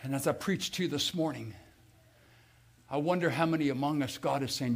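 A middle-aged American man preaching a sermon, telling stories with feeling and swinging from loud to hushed. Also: on the high side, brisk. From United States. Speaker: pastor.

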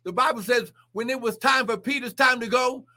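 A male preacher delivers a livestreamed sermon with a high, bright, forceful voice. He preaches fervently, breaking into exclamations and repeating key phrases. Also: fairly quick.

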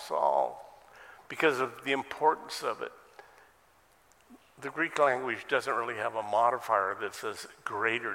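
A man's voice: medium pitch, gravelly, sharp tone, big-room sound. An American man preaching a sermon, firing off rhetorical questions and folksy asides. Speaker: pastor.

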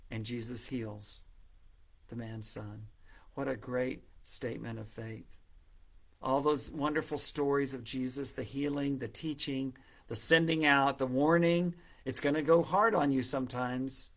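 Earnest man reading scripture softly. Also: fairly even intonation, a little slow. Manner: earnest, gently pleading, dropping soft and low at prayers; reads scripture aloud, acting out the dialogue. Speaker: preacher. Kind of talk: devotional Bible reading and reflection.

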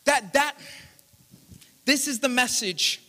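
High bright-voiced preacher in a reverberant hall. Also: male voice, slow. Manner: impassioned preaching that rises to loud declarations. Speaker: pastor. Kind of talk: sermon. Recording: live church hall with long reverb.

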